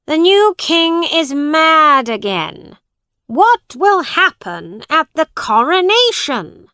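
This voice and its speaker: A formal, anxious royal adviser, as a woman voices him for an audiobook, measured and proper in his speech. The sound is dry and close. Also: on the low side, big pitch swings, dry recording, exaggerated voice. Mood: worried.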